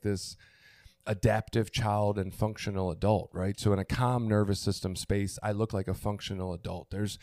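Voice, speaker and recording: A man's voice: lowish voice, a little mellow, no echo, studio quality. A middle-aged man on a podcast, candidly telling a personal story with frequent restarts, getting emotional. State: tearful, emotional. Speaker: podcast co-host. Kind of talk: casual chat.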